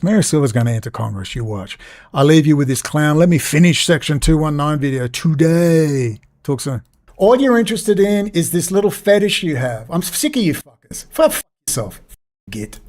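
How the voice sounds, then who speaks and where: A man's voice: on the high side, lively intonation, moderate pace, darkish tone. Profane, exasperated man ranting. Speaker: vlogger and interviewer. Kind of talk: angry off-the-cuff vlog rant. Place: outdoors near a road.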